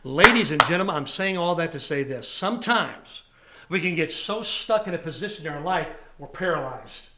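A man preaching a sermon to a church congregation, telling personal stories with lively call-outs to the listeners. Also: on the high side, normal speed, noisy background. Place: church service before a congregation.

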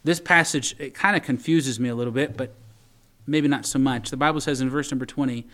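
A man's voice: mid-range voice, fairly quick, a bit bright. A man preaching a sermon in a conversational way, often repeating words and reading scripture aloud.

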